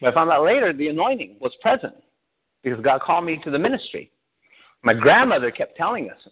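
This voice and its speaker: A man's voice: a little high, fast talker, husky. Man telling his story over a tinny line. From Southern California. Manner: animated storytelling, often laughing. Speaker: pastor. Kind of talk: personal testimony. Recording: tinny phone-like sound.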